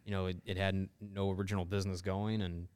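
A man's voice: low-pitched, little pitch movement, fast talker, a little mellow, clean tone. A man co-hosting a casual sports podcast, agreeable and thinking aloud with many small restarts. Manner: agreeable, hesitant, lots of restarts and yeahs. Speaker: podcast co-host.

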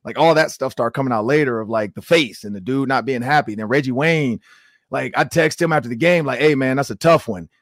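A man in his forties hosting a sports podcast, telling stories in a casual, animated way with lots of "like". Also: medium pitch, brisk, no echo, clean studio sound. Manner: animated storytelling with many "like"s. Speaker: show host and former coach.

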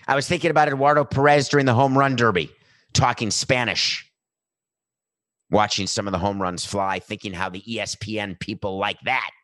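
A man's voice: fairly low pitch, fairly bright tone, dry recording. A middle-aged man giving an emphatic, opinionated sports monologue, building his points through long repeated lists. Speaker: sports commentator.

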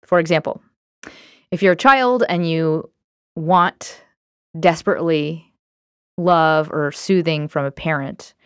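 A woman's voice: low voice, slow, long pauses, a bit bright, smooth, dry recording, clean studio sound. A woman giving casual, candid self-help advice on emotions, talking conversationally with frequent fillers.

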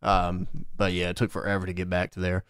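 A man's voice: low voice, monotone, a little fast, a bit bright, clear, resonant tone, dry recording. Laid-back man recapping wrestling, dry mic. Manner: laughing, swearing, recapping with mock quotes. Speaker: podcast co-host. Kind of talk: casual wrestling podcast chat.

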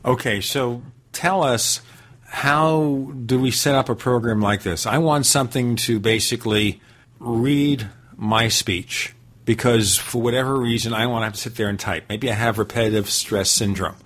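A man's voice: medium pitch, normal speed, a bit bright. A man hosting a talk show, asking a guest questions and pushing back on his answers. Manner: inquisitive, pushes back with questions. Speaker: host. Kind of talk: interview conversation.

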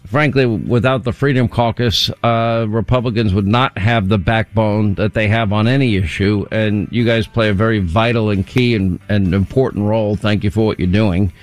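A man's voice: lowish voice, steady tone, normal speed, few pauses, no room sound. Talk radio host, male, dry close studio sound, wry and rambling.

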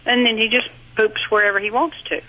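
A woman's voice: fairly high pitch, steady tone, a little fast, husky. A woman calling in to a radio show, chatty and amused as she describes her cat. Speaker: caller. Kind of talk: phone-in call. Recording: dull phone-line sound.

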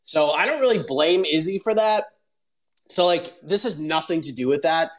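A man's voice: on the high side, moderate pace, poor audio. A man in his forties hosting a show, telling stories in casual commentary with lots of "like" and fillers. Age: 40s. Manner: animated storyteller, lots of fillers. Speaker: host.

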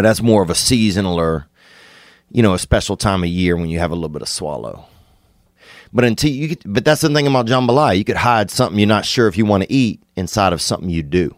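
A man, hosting a podcast and rambling through an absurd comic monologue, laid-back with sudden excited bursts. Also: lowish voice, no room sound, studio quality. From Louisiana. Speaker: podcast host.

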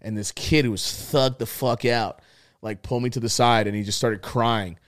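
A man's voice: medium pitch, fairly even intonation, moderate pace, smooth. A young man, co-host of a podcast, talking candidly in casual chat, swearing a lot and stumbling over restarts.

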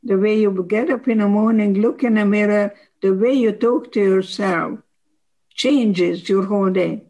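A woman in her nineties speaks slowly and deliberately, her voice gravelly with age. She gives firm, practical life advice in a conversational interview, pressing each point home. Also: mid-range voice, darkish tone, poor audio. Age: 90s. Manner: slow, emphatic, wise advice-giving. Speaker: guest.

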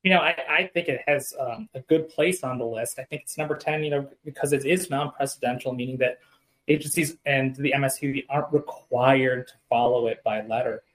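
A man's voice: medium pitch, fairly even intonation, brisk, a bit bright, poor audio. A man co-hosting a podcast, explaining court cases in a casual, explanatory way with frequent ums and self-corrections. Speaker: podcast co-host discussing legal cases. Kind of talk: casual legal discussion.

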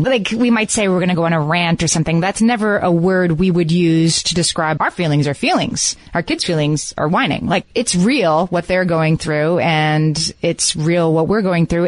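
A middle-aged woman co-hosting a podcast, talking in a wry, exasperated way before turning to clear points. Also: on the low side, dry recording. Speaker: podcast co-host. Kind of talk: casual chat.

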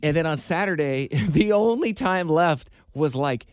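A man's voice: a little high, measured pace, clear, resonant tone, no room sound, clean studio sound. A man, a radio host in his forties, telling stories and joking in casual on-air banter. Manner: joking, animated storyteller.

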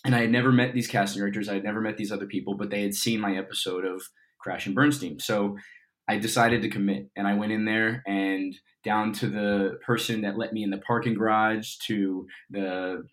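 A man's voice: on the low side, brisk. A young man from Colorado, an actor guest, telling a story in a casual interview with lots of fillers. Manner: chatty, animated storyteller with fillers.

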